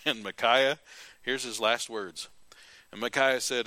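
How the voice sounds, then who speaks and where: A male preacher giving a sermon, retelling scripture in an animated, folksy storytelling way. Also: medium pitch, normal speed, dry recording.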